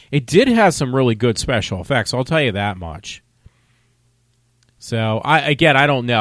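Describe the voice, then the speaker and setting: A man's voice: medium pitch, dry recording, studio quality. A man vlogging a casual movie review, talking in a rambling, loose, conversational way.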